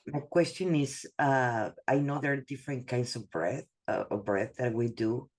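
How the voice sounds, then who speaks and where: A woman hosting a podcast who asks questions in a halting way, pausing on fillers, then rushes ahead. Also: a bass voice, darkish tone. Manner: questioning, halting, with hesitant fillers and quick bursts. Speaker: podcast host. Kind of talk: podcast interview.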